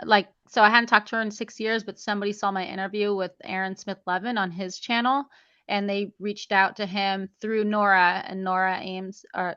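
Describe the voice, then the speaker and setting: A woman talks through her own story on an interview podcast, slipping into the voices of the people she quotes. Her voice is bright and forceful. The recording is dry and a little dull, with a lo-fi edge. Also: medium pitch, clear, resonant tone, dry recording. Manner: chatty, acts out quoted dialogue, many "like"s. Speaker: guest, memoir author.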